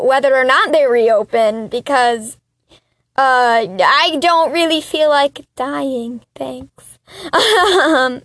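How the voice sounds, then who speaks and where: High-voiced woman ranting on her podcast. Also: a bit bright, dry recording. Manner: impassioned, exasperated ranting; chatty and self-mocking. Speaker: podcast host. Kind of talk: solo political commentary podcast.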